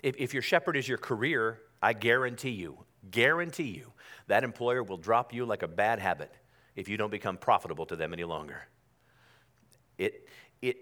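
Bright-voiced man preaching a sermon. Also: fairly low pitch. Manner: conversational preaching with repetitions and call-and-response. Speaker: pastor. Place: church sanctuary.

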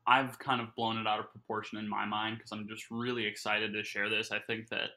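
Male podcast co-host, very bright sharp tone, rambling jokey delivery, talks with his mouth full. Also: on the low side, little pitch movement, brisk, low-quality recording. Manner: joking, rambling, many fillers. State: talking while eating. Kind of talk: casual podcast banter.

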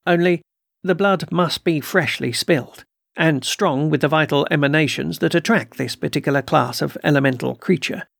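A man voicing a calm, measured occult doctor who speaks quietly and with slow deliberation in an audiobook reading. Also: fairly high pitch, gravelly, no room sound, studio quality.

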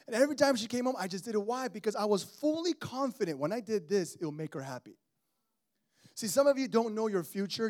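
A man in his thirties preaching a sermon in an animated, conversational way, calling out to the congregation. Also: high-pitched. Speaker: pastor.

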